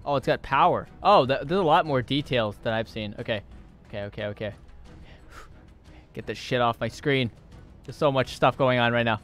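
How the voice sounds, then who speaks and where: A man's voice: mid-range voice, brisk, soft background music. A young man streaming a game for the first time, talking to himself and chat, swearing and yelping in panic. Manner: panicky, swearing, yelps and shouts when startled. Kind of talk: live gameplay commentary.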